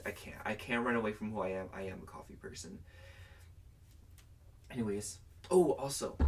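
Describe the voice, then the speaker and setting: A man's voice: mid-range voice, recorded from a distance, heavy background noise. A young man chatting casually through a pick-a-card tarot reading to camera, rambling and filling his talk with "like". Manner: chatty and rambling, heavy use of "like". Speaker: tarot reader.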